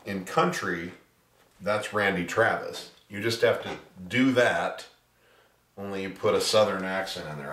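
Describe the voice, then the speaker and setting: Rambling low-voiced man in a roomy space. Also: unhurried. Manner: rambling and self-deprecating, with stammered restarts. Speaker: pianist and singer, music teacher. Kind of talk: casual video blog talk. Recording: roomy sound from a distant mic.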